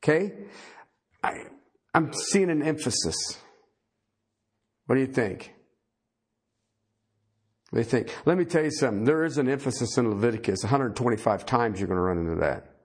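A man preaches a sermon in an animated, slightly rough voice at normal speed, pausing often. When he reads scripture he rises loud and high, and he keeps putting questions to his listeners.

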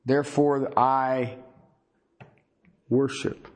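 A man teaching a Bible sermon in a halting, conversational way, with many fillers and folksy asides. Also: mid-range voice, flat delivery, darkish tone. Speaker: preacher.

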